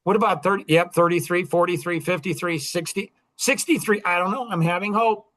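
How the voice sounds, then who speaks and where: A man's voice: sits high, fairly quick, a bit bright. A man in his sixties talking in a rambling, emphatic monologue, repeating phrases as he goes. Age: 60s. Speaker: podcast host. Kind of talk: casual monologue.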